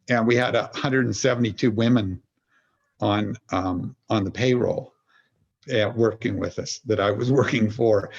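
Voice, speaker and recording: A man's voice: lowish voice, gravelly, breathy edge, muffled recording. A man as a podcast guest, explaining ideas through storytelling, acting out little inner voices, often stopping to restart a thought. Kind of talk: conversational explanation.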